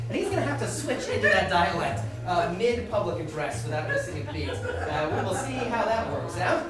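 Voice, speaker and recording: A woman hosting a live improv comedy show in a club, bubbly and quick to call everything awesome. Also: a little high. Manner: bubbly, keeps saying awesome. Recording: echoey club, distant mic, crowd and music.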